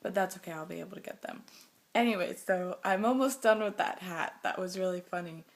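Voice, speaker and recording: A teenage girl vlogging, telling a story to camera in a chatty way, with many "like"s and restarts, jumping between loud bursts and quiet asides. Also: lowish voice, fairly quick, vocal fry. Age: teens.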